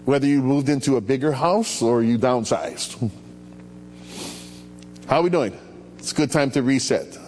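Animated pastor preaching in a hall. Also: male voice, mid-range voice, unhurried, long pauses, soft background music. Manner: animated, calls out to the congregation. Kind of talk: sermon. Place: church hall. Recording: echoey hall with faint hum.

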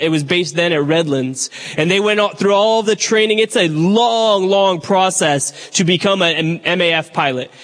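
A man's voice: sits high, fairly bright tone. A man, the church's pastor, chatting to the congregation as he introduces a guest speaker. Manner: conversational, addresses the crowd directly.

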